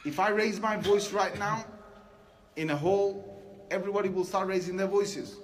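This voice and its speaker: A man's voice: sits high, steady tone, normal speed, slight background noise. A man delivering a Friday sermon in a hall, telling stories with animation and speaking directly to the men as brothers. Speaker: preacher.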